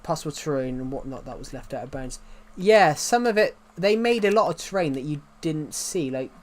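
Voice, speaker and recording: With a fairly high pitch, lively intonation and a moderate pace, a young man provides live gaming commentary. He rambles while playing, talking to himself and to the chat.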